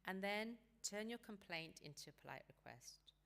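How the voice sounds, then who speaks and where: A woman giving a seminar talk on parenting teenagers, calm and practical, sometimes acting out what parents and teens might say. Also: mid-range voice, moderate pace, creaky. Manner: calm, practical advice, acts out quoted dialogue.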